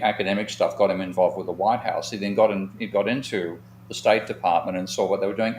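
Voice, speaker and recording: A man's voice: lowish voice, roomy sound, a little hiss or hum. A man, an economist hosting a live discussion, telling long anecdotes in a frank, rambling way and swearing at times. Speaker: economist and show host.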